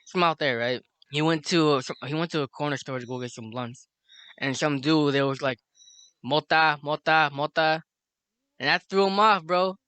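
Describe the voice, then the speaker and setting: A man's voice: a little high, fairly quick, fairly bright tone, clear, resonant tone, no room sound. A young man from Chicago telling a rambling, profanity-laden story in a casual monologue, laughing at his own tale.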